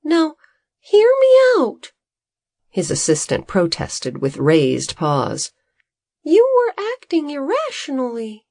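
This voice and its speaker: A woman's voice: mid-range voice, animated, slow pace, vocal fry, a little mellow, no room sound, voice pushed up, exaggerated voice. A woman voicing a nervous small male animal assistant who hops about and pleads anxiously, in a storybook reading. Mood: earnest.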